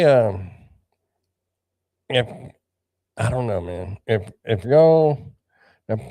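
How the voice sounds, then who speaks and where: Older man, gravelly, lowish voice, dry close sound, rambling livestream chat. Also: darkish tone, no echo. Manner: rambling, chats with viewers by name. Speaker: livestream host.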